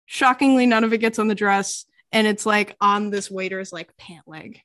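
A woman's voice: mid-range voice, normal speed, fairly bright tone, dry recording. Woman GM narrating casually with lots of fillers, dry close sound. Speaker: game master. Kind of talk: narrating a tabletop game.

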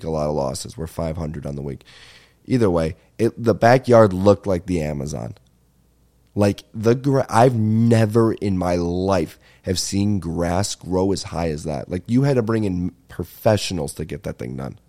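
Low, mellow-voiced rambling comedy host. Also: male voice. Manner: profane, meandering, lots of fillers and asides. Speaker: podcast host.

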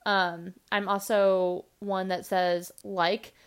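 A young woman hosting her own podcast, talking fast and rambling casually with lots of fillers. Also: medium pitch, flat delivery, clear, resonant tone. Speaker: podcast host. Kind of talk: casual solo podcast monologue.

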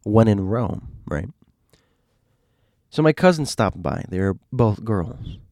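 A man telling a personal story in a rambling, animated monologue with frequent restarts. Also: on the low side, slow, creaky, dry recording, clean studio sound. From Miami.

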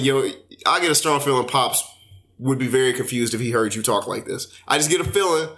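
A young man in casual podcast chat, telling stories with animated quoted voices. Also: mid-range voice, a little fast.

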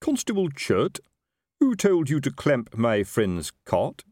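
A man's voice: mid-range voice, very animated, a little slow, a little mellow, no echo, studio quality, pitched above the performer's own voice. A man voicing a blustering, self-important middle-aged sergeant in an audiobook, with a raised, wheedling voice. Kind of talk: audiobook character voice.

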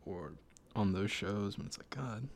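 A man's voice: lowish voice, lively intonation, unhurried, creaky. A young adult man co-hosting a casual podcast, laid-back and hesitant, often trailing off mid-thought. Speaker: podcast co-host. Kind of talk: casual chat.

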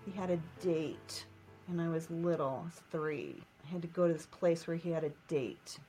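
Woman, guest, low-pitched, emotional, repetitive phrasing, personal story. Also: normal speed, warm tone, faint music behind. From United States. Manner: emotional, repetitive, recounts childhood pain in short phrases. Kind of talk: personal storytelling in a coaching session.

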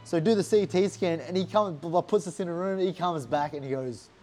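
With faint music behind him, a young Australian fighter recounts a story in a relaxed interview, cursing heavily and playing out other people's quotes with animation. His voice sits high with a darkish tone, coming a little fast with hardly any pauses.

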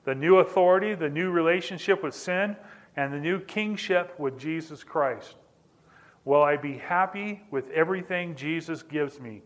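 A man's voice: fairly high pitch, normal speed. A male pastor preaching, telling a personal story in a conversational way and repeating phrases for emphasis. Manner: repetitive, building emphasis through restated phrases; conversational, addresses listeners directly.

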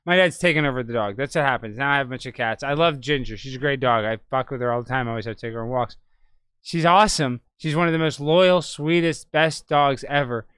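A man hosting a live video podcast, talking in a rambling, excitable way. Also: medium pitch, fast talker, clean tone, no room sound. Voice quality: loud, sing-song hype intro. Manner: rambling, excitable, talks over his cat. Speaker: podcast host.

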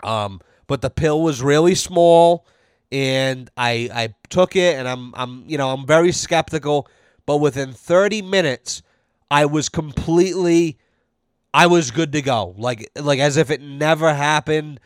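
A man's voice: a little high, unhurried, clear, resonant tone, dry recording, studio quality. A young man hosting his own podcast, telling long rambling stories in a casual, profane way. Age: young adult. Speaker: podcast host. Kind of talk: casual monologue.

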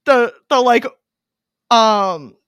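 A woman's voice: fairly high pitch, extremely slow, smooth, dry recording, studio quality. Chatty profane woman retelling a story. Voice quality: profane, animated storyteller with many fillers. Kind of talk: casual chat, retelling a movie plot.

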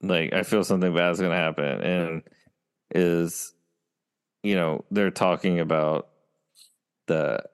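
A man's voice: sits low, steady tone, takes it slowly, long pauses, smooth. A man co-hosting a casual TV recap chat, retelling scenes in a meandering way. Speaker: podcast co-host. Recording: long reverb.

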